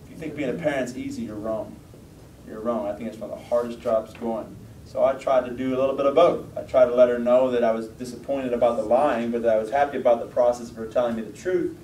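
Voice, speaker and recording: A man's voice: fairly even intonation, fast talker, warm tone. A man preaching in a conversational way, telling a family story and putting questions to his listeners. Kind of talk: sermon with a personal story. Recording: roomy, distant mic, faint rumble.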